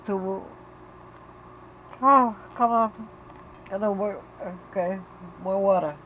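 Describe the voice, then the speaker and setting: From her bed at home, a woman hosts a casual livestream for an epilepsy community, speaking openly and emotionally to viewers with many fillers and restarts. Her mid-range voice is a bit bright and slow-paced. The audio is dull, with a little hiss or hum.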